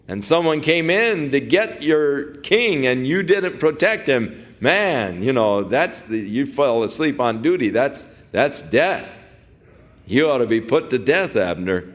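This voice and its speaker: A man's voice: medium pitch, big pitch swings, slow. A man teaching through a Bible passage as a pastor, talking conversationally with digressive asides.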